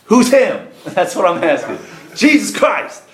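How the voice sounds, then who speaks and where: A man's voice: high-pitched, wildly swooping pitch, unhurried, fairly bright tone, roomy sound. A man preaching a sermon, reading scripture aloud and driving his points home with rising emphasis.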